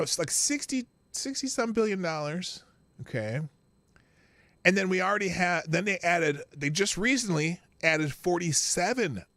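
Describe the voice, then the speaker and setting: Brief: male commentary host, sarcastic and rambling, very lively intonation, dry close sound. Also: a little high, dry recording. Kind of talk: live news commentary.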